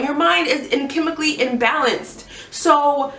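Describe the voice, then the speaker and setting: A young woman telling her own story in a halting, earnest way, restarting her sentences often. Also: a little high, fairly bright tone. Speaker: vlogger sharing a personal story. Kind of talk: candid personal testimony. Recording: echoey room, mic at a distance.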